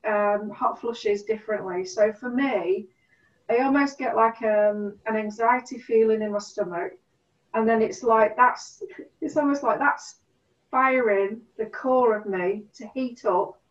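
A middle-aged woman telling stories in a casual chat, animated, acting out what people said. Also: fairly high pitch. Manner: animated storyteller, acts out quotes. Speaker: guest. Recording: distant, roomy, dull sound.

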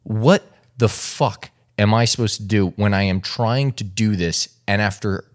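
Very low-voiced man, frustrated and emphatic. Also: unhurried. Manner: frustrated, emphatic, heavy swearing. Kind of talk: casual podcast chat.

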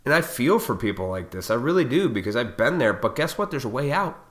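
A man with a bright, forceful voice rants straight at his audience. He is blunt and profane, and he lectures them with heated intensity. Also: mid-range voice, very animated, brisk. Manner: heated, fired up. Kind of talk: ranting monologue to viewers.

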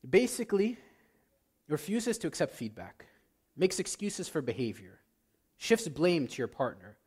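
A man's voice: a little high, slightly rough. A man, a priest, preaching a sermon and acting out arguments between spouses. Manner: animated, acts out quarrels in quoted voices.

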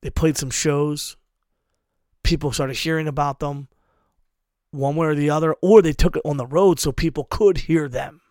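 A man's voice: fairly high pitch, fairly even intonation, moderate pace, a little mellow, no echo, clean studio sound. A man in his forties who books hardcore shows, giving hard-driving advice with constant swearing and strong emphasis. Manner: emphatic, heavy swearing, drives points hard. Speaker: hardcore show booker. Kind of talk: profane advice rant.

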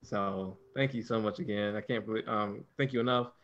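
A man hosting a podcast, thanking and affirming his guest in relaxed casual speech. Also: on the low side, a little fast, muffled recording. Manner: grateful, affirming, relaxed slang. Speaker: podcast host. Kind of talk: casual chat.

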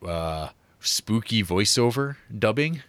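A man's voice: lowish voice, expressive, takes it slowly, a bit bright, clean tone, no echo. A man co-hosting a casual film podcast, rambling with many fillers and restarts. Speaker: podcast co-host reviewing a film. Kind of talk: casual chat.

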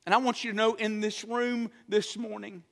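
A man preaching a sermon as the church's pastor, speaking with fervor and sometimes dropping to a hushed, almost whispered delivery for emphasis. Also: sits high, flat delivery, moderate pace, creaky, in a large hall.

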